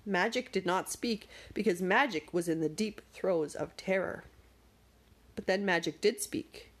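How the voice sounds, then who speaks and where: A woman narrating a storybook with expressive, dramatic pacing. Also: on the low side, unhurried, slightly rough.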